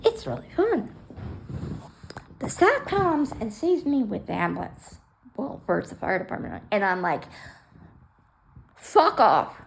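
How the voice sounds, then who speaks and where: Blunt, creaky-voiced woman telling a story. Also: medium pitch, sing-song, unhurried, slight background noise. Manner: blunt, swearing, acts out quoted dialogue with sudden loud outbursts. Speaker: storyteller sharing her life. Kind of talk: emotional personal storytelling.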